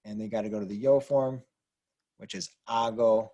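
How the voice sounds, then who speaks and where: A man's voice: on the low side, fairly even intonation, moderate pace, dark tone, dull audio. A man teaching a language lesson, explaining rules patiently and spelling words out letter by letter. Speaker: Spanish teacher. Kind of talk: explaining grammar on a whiteboard.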